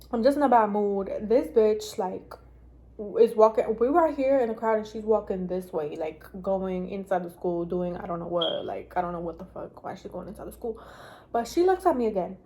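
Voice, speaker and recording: A woman's voice: medium pitch, warm tone. Profane, rambling young woman storyteller. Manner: rambling, profane, heavy use of "like". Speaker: vlogger. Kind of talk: casual storytime.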